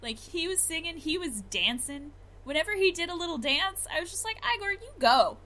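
A woman's voice: extremely high pitch, expressive, fairly quick, bright, forceful tone, slight background noise. A woman co-hosting a podcast, chatting casually and animatedly, often laughing. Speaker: podcast co-host. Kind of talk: casual chat.

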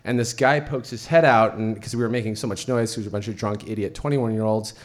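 A man's voice: on the low side, fairly even intonation, quick pace. A man telling a rambling, profane personal story to an audience.

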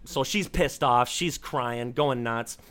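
A young man telling a rambling story in casual chat, animated and swearing freely. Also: mid-range voice, takes it slowly.

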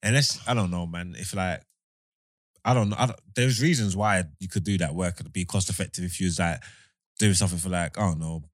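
A man's voice: low-pitched, a little fast, dry recording, studio quality. A young man, rambling and hedging in casual banter, then teasing his friends.

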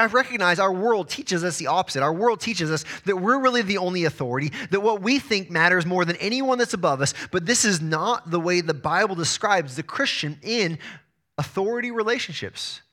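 A man in his thirties preaching a sermon as pastor, energetic, often repeating words as he starts a phrase. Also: on the high side.

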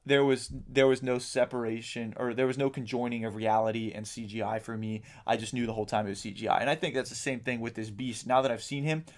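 A man in an easygoing podcast conversation, rambling through his thoughts with plenty of ums and the odd swear word. His voice sits at a middle pitch. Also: fairly even intonation, fast talker, few pauses. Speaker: podcast co-host. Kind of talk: casual chat.

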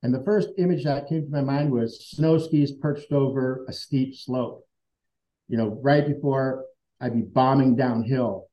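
A man's voice: medium pitch, a little slow, mellow, poor audio. A middle-aged man recounting a personal experience as an interview guest, reflective and earnest, often restarting his sentences. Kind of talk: personal storytelling.

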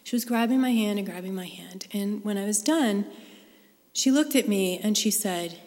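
A woman's voice: medium pitch, normal speed, a little mellow. A woman sharing a personal faith story with a live group, in an earnest, conversational way. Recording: long hall reverb.

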